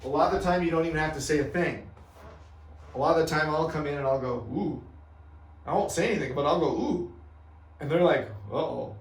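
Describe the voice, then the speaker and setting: A man's voice: a little high, fast talker, distant mic. Emphatic male coach in a roomy space. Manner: emphatic, checks in with "right?" and "okay?". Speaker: practice coach for chiropractors. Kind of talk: coaching talk.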